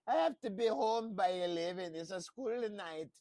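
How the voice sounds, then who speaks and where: A man putting on the voice of a timid, nerdy young man who talks in a prim, excitable way. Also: sits high, no echo, voice pushed up. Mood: prim flustered. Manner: prissy, excitable, drawn-out "lovely".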